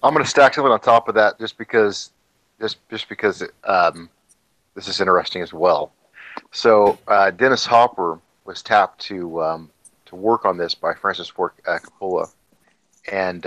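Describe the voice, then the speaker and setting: A casual livestream podcast features a co-host whose voice sits low but has a fairly bright tone. He spins a long, rambling story with plenty of swearing, fillers and restarts. The recording is dry and rough.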